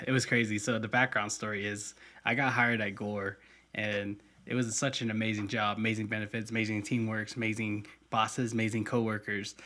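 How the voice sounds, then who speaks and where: A man's voice: on the low side, sharp tone. Earnest young man telling a story. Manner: earnest, heartfelt, many fillers. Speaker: podcast co-host. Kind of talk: casual podcast storytelling. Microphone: podcast mic.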